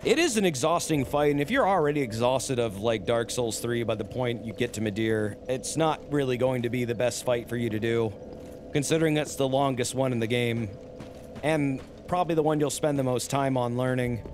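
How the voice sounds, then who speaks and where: A man chatting casually to viewers while streaming a game, excitable and quick to shout and exclaim during fights. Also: medium pitch, noisy background. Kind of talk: casual live-stream gameplay commentary.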